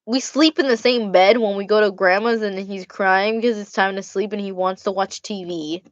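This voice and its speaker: A young woman runs through fan questions in a loose vlog chat, blunt and quick to laugh, with plenty of swearing. Her voice sits at a middling pitch. It is recorded close and dry, with no room sound. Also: fairly even intonation, dry recording, muffled recording. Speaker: vlogger answering fan questions. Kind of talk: casual Q&A vlog.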